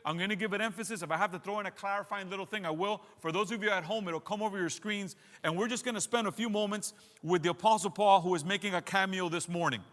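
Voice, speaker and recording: A man's voice: high-pitched, quick pace, few pauses, a bit bright, long reverb tail. A man preaching to his congregation in church, emphatic, repeating phrases and speaking to them directly. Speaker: pastor. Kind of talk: sermon. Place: church sanctuary.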